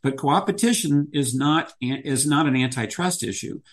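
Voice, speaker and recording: A man's voice: mid-range voice, normal speed. A man who is a podcast guest, explaining ideas at length and returning to his key phrases. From United States. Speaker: guest, business strategist. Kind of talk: podcast interview.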